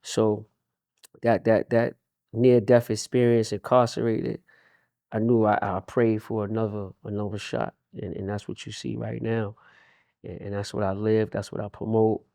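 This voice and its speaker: A man's voice: fairly low pitch, level tone, normal speed, creaky, mellow, no room sound, clean studio sound. A man, a union leader talking in a casual interview, streetwise and repeating words for emphasis. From Queens, New York.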